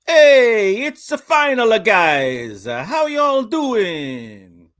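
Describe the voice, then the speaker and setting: Brief: middle-aged male podcast host, playful and jokey, fairly high voice that swings all over. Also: big pitch swings, very slow, fairly bright tone, faint music behind. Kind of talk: casual chat.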